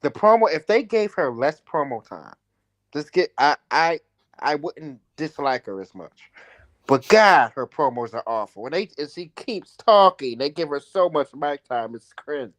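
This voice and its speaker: A man's voice: a little high, animated, measured pace, no echo. A man on a casual wrestling podcast, emphatic and complaining.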